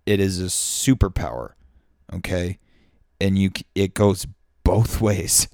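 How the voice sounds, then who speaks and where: A man talks slowly in a low, smooth voice, hosting his own show in an unscripted monologue. He rambles and swears freely, restarts his sentences and laughs often. The sound is dry and close. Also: a little mellow, dry recording. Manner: rambling and profane, many restarts and frequent laughter. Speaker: podcast host.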